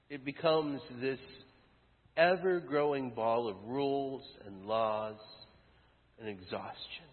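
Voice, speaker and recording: A man preaching a sermon as pastor, building to loud peaks and dropping to hushed lines. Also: medium pitch, slow pace. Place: church sanctuary. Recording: thin phone-like sound with long church reverb.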